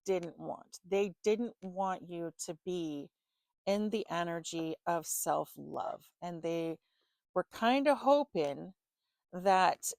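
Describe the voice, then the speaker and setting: A woman's voice: on the low side, creaky, darkish tone, no echo. A woman giving a loose, chatty tarot reading to the viewer, full of fillers and casual swearing. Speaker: tarot reader.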